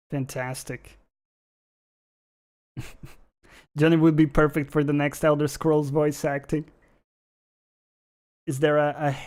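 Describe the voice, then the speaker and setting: A man's voice: on the high side, a little mellow. Profane, sarcastic male game streamer. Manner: casual, profane, sarcastic ranting. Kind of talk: live gameplay commentary.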